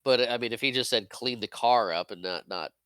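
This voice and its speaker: A man with a bright, forward voice chats on a podcast, cracking jokes, laughing and quoting movie characters as he recaps the story. The sound is dry and close to the mic. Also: medium pitch, fairly quick, clear, resonant tone, no echo. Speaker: podcast co-host. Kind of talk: casual movie recap chat.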